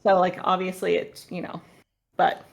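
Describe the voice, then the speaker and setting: A woman co-hosting a livestreamed podcast, bubbly and quick to laugh, easily flustered. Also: fairly low pitch, completely flat delivery, gravelly, muffled recording. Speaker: podcast co-host. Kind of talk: casual livestream chat.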